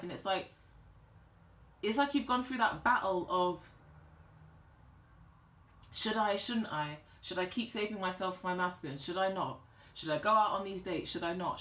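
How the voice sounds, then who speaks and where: A woman giving a tarot reading in a vlog, talking in an emphatic, animated and slangy way. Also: medium pitch. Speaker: tarot reader. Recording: roomy echo.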